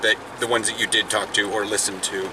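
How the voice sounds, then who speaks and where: A man's voice: lowish voice, little pitch movement, brisk, noisy background. A young man chatting casually in a car while vlogging, rambling with restarts and laughs. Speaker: vlogger, football player. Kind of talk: casual chat. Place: in a car, then outdoors.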